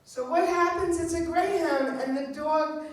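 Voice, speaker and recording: A woman in her 70s from Long Island, New York, does a wry, self-deprecating stand-up set on a club stage. Her voice is high and unhurried, and the roomy club sound is heard from far off.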